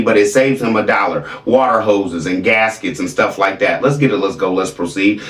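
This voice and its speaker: A man's voice: mid-range voice, reverberant, recorded from a distance. A man hosting a reaction video, mocking a clip with sarcastic commentary and repeated catchphrases.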